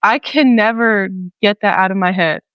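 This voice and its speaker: A young woman talks casually on a podcast, chatty and loose, stringing thoughts together with plenty of fillers. Her voice is smooth and clear in a dry, close space. The sound is a little dull and lo-fi. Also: medium pitch, moderate pace, dry recording. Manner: chatty, many fillers, acts out quoted voices. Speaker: podcast co-host. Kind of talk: casual chat.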